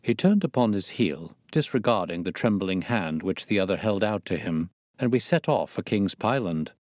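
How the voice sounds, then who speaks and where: A man narrating a classic story in a measured, steady reading. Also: on the low side, dry recording, clean studio sound. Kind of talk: audiobook narration.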